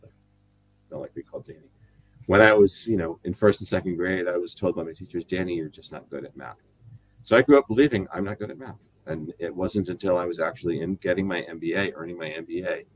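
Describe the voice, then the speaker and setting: A man's voice: low voice, fast. A middle-aged man from the United States, talking as an interview guest in a rambling, thoughtful way that often corrects itself. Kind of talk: casual interview talk.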